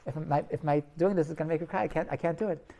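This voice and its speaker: A man's voice: fairly high pitch, fairly even intonation, racing, vocal fry, warm tone, voice pushed up. A man voicing a remorseful wedding jester who stammers as he begs forgiveness. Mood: pleading. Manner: pleading, stammering.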